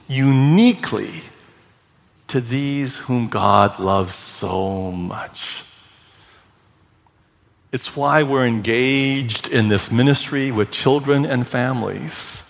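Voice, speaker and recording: A man preaching a sermon as pastor, telling a story slowly with heartfelt quoted dialogue. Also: on the low side, vocal fry, fairly bright tone. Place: church sanctuary. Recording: long reverb of a church sanctuary.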